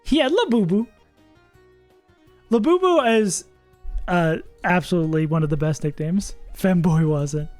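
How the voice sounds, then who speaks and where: A chatty streamer talks through game strategy out loud, laughing often and second-guessing the numbers. The voice sits at a middle pitch, recorded close and dry with faint music underneath. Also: lively intonation, unhurried, pauses often, dry recording. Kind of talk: casual livestream commentary.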